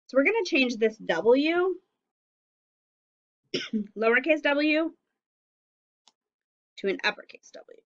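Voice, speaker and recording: A woman teaching young children a phonics and sentence lesson on video, speaking slowly and clearly in an encouraging way. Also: high voice, expressive. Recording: slightly dull lo-fi audio.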